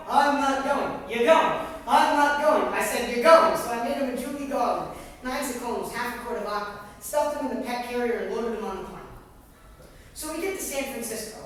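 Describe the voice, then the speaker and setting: A man's voice: very high voice, a little hiss or hum. A man performing a chatty middle-aged mother who gossips on the phone, in a stage monologue. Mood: gossipy. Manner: gossipy, exclamatory, talks straight to an unseen caller. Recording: echoey stage hall, distant mic.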